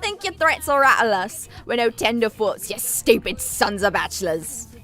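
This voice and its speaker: A woman reading a brash, swaggering pirate's threats from a video game, loud and blustering with old-timey slang. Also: on the high side, sing-song, normal speed, soft background music.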